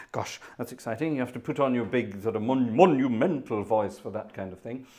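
A man's voice: medium pitch, animated, moderate pace, few pauses, darkish tone. Playful chatty man hosting a livestream. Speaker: livestream host and organist. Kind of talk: casual livestream chat greeting viewers.

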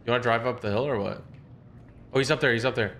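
A man's voice: medium pitch, fast talker, a bit bright. A young man hosting a casual gaming live stream, teasing opponents and calling out plays. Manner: playful, teasing trash talk. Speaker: streamer host. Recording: noisy game stream audio.

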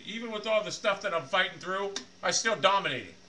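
A man streaming a shooter game, swearing often and swinging between loud frustrated rants and low muttering to himself. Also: lively intonation, fairly quick, slight background noise. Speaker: gaming streamer. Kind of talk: live game commentary.

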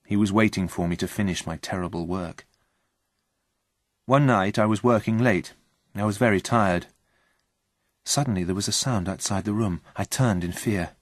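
A man reading a story aloud in a slow, plain and steady way. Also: fairly low pitch, no echo, studio quality. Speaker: reader. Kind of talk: scripted story narration.

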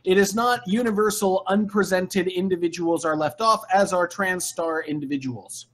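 A man reads passages on a comedy podcast with dry, deadpan timing. His voice sits fairly high. He keeps a straight, matter-of-fact delivery. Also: moderate pace. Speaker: podcast co-host. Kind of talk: comedic live podcast reading.

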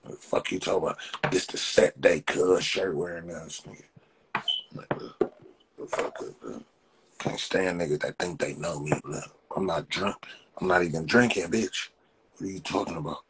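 Male streamer, deep-voiced, slangy and mocking, on a phone with slight hiss. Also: fairly quick. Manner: repetitive, profane, mocking street slang. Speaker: livestream host. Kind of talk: casual livestream rant.

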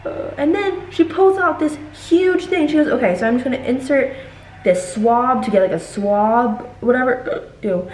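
A young woman chats through a dramatic storytime while she cooks at home, with a slightly high voice. She is a little away from the mic. Her talk rings in an echoey kitchen. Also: moderate pace, a little mellow, far from the mic, slight background noise. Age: young adult. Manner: chatty, dramatic storytelling with filler words. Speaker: vlogger. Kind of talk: casual storytime chat.

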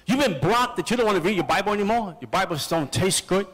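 A man's voice: high-pitched, expressive, fast, a bit bright, husky, big-room sound. An older man preaching at a seminar, firing off repeated rhetorical questions in short, punchy phrases.

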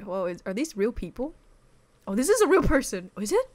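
A young woman hosting a casual gaming video, giggly and excitable as she chats with a friend. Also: fairly high pitch, brisk, crowd noise.

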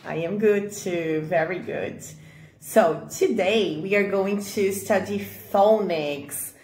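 A woman's voice: mid-range voice, slow pace, darkish tone, roomy sound, a little hiss or hum. A woman teaching children a phonics lesson, patient and coaxing, often checking in with short questions.

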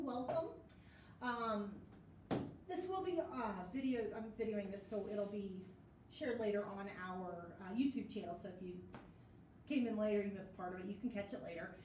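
Lady librarian doing storytime, high bouncy voice, echoey room, kinda far from the mic. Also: moderate pace, background noise. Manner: animated, sing-song read-aloud with sound effects. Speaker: children's librarian. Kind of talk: reading a picture book aloud to kids.

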